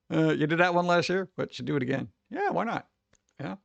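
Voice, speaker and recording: A man streaming casual reaction chat, rambling and joking, breaking into quick put-on voices for his bits. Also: on the high side, expressive, vocal fry, no room sound, dull audio.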